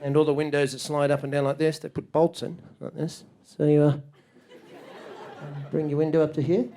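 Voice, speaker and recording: A male comedian on a cramped club stage delivers a disbelieving, profanity-laced rant, switching to high, loud shouting to portray other characters. The tone is level, the speed normal, and there's a slight hiss or hum in the audio.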